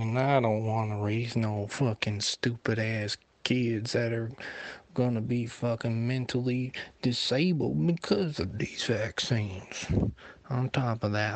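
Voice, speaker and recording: A man's voice: mid-range voice, dry recording, natural voice. A man voicing a profane, angry, conspiracy-minded man in a crude, ranting manner.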